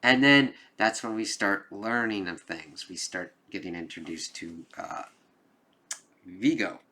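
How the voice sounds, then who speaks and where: A man's voice: deep voice, unhurried, pushed and bright. A man giving a casual spoken movie review, rambling with lots of fillers and occasional emphatic cursing. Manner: rambling, loose, lots of "like" and "kind of". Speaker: film reviewer.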